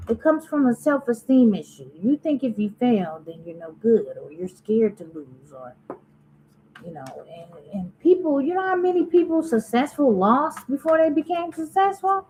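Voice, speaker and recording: A woman's voice: high-pitched, darkish tone, slight background noise, poor audio. A woman giving a casual tarot reading to her viewers, talking straight to them and musing aloud as she asks spirit questions. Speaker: tarot reader.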